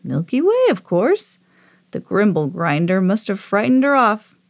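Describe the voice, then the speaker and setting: A woman's voice: medium pitch, big pitch swings, a little slow. A woman voicing a drowsy, hard-of-hearing old male moon in a storybook who mishears things.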